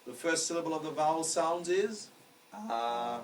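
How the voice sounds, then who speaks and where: A man's voice: fairly high pitch, lively intonation, normal speed. A man teaching a lecture class, explaining patiently and often checking that the students follow. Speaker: astrology teacher. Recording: distant mic with faint background noise.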